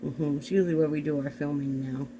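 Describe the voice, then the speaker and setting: A chatty man with a fairly high voice rambles on, talking right to his viewers. He sits on a bed in a home bedroom and is picked up by a camera on a desk. A faint hum runs behind him. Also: steady tone, fast. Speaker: vlog host. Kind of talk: casual chat.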